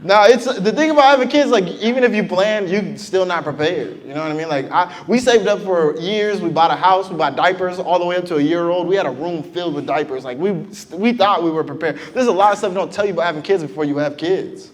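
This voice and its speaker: A man's voice: sits high, fast, hardly any pauses, in a large hall. A young adult man doing a stand-up comedy set, chatting and teasing the crowd from a club stage. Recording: live club recording with audible crowd noise.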